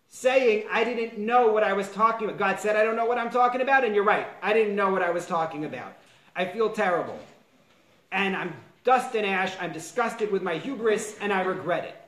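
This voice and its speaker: Man lecturing in a roomy classroom. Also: high-pitched. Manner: animated, quotes lines in varied tones. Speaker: rabbi teaching a class. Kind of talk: lecture on a biblical text.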